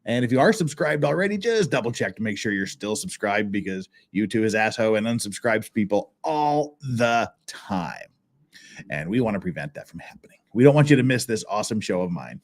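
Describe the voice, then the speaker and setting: A man's voice: mid-range voice, huge pitch swings, normal speed. A man hosting a casual livestream chat, reading viewer messages with frequent laughs, restarts and a rambling manner. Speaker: channel host.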